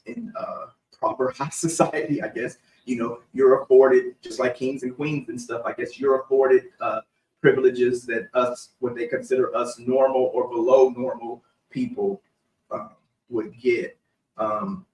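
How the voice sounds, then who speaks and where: A man giving his opinions in a halting, casual way as co-host of a live discussion. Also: medium pitch, fairly even intonation, a little mellow, roomy sound, distant mic, slight background noise, low-quality recording. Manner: halting, opinionated, many fillers and restarts.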